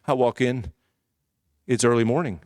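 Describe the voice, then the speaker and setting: A man preaching in a church, sharing his own story in a candid, conversational way and tossing in asides to the congregation. His voice sits at a middle pitch, and the recording is dry and close, with little room sound. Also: normal speed, a little mellow, no echo. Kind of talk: personal testimony sermon.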